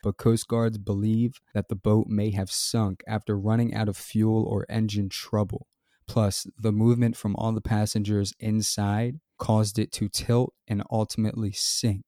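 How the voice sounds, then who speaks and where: A man hosting a solo podcast, reading news details and then giving his earnest, measured opinion. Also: lowish voice, little pitch movement, warm tone, dry recording, clean studio sound. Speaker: podcast host. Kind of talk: scripted solo commentary.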